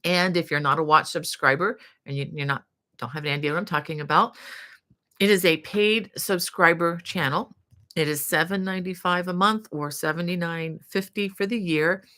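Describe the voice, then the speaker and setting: A woman's voice: fairly low pitch, moderate pace, sharp tone. A woman in her fifties from the United States, a crochet channel host chatting casually on a live stream, reading viewer comments aloud with many fillers.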